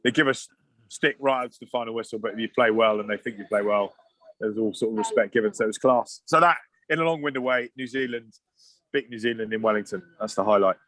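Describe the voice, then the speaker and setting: A man in his thirties telling loose, animated rugby stories in casual podcast chat. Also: lowish voice, fast, dry recording. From England. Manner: animated, swearing anecdotes with asides and restarts. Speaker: guest, former rugby player.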